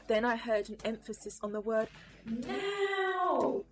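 A woman's voice: a little high, a little slow, soft background music. Woman giving an intense testimony. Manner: intense, recounting a vision. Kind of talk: personal testimony.

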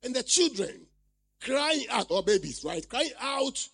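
A man's voice: very high-pitched, very animated, measured pace, fairly bright tone, breathy edge. A man preaching a sermon, reading scripture aloud and repeatedly asking the congregation questions. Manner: reads scripture aloud and explains it.

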